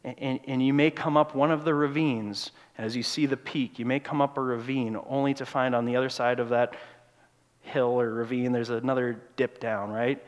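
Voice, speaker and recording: A pastor preaching a sermon in a church, moving between loud, urgent passages and quiet, hushed ones. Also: male voice, medium pitch, steady tone, normal speed. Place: church sanctuary. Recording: long church reverb.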